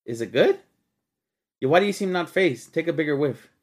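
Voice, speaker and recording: A young man chatting on his podcast, with a pitch that swings up and down as he talks. He is loose and animated, swears a lot and calls his co-host dude and bro. He speaks into a close studio mic. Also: brisk. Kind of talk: casual podcast chat.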